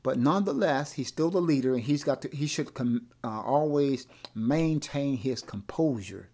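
A male pastor teaching a Bible class, animated, often repeating words and asking rhetorical questions. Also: mid-range voice, normal speed.

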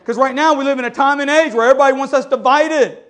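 A man's voice: extremely high pitch, steady tone, fast, fairly bright tone. A man preaching a sermon with passion, often calling out to the congregation for an amen. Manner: impassioned preaching, calls for amens. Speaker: pastor.

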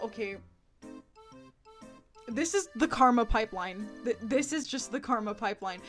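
Giggly young woman, rambling and high. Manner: giggly, rambling, swears freely. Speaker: anime vlogger. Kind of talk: casual chat.

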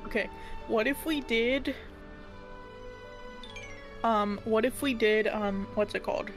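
A woman's voice: fairly high pitch, slow pace. A woman chatting playfully with a friend while they play a game together. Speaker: co-player friend. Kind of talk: casual gaming chat. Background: loud game music.

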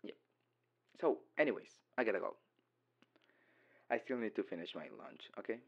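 A man's voice: lowish voice, expressive, moderate pace, slightly rough, muffled recording. Giggly young man. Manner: giggly, rambling, dorky. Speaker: boyfriend in audio role-play. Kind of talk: casual voicemail role-play.

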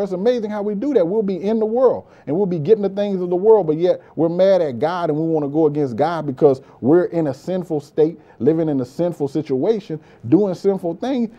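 The recording is lo-fi, carrying a male pastor's fairly high, warm voice as he preaches with fervent repetition. He frequently calls his listeners beloved, exclaims "praise God" and hammers points through repeating them.

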